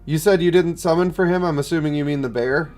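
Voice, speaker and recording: A stuffed-up man live-streaming a mobile game, chatting in a low-key way and answering his chat. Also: fast, a little mellow, faint music behind. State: congested, stuffed up. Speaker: gaming streamer.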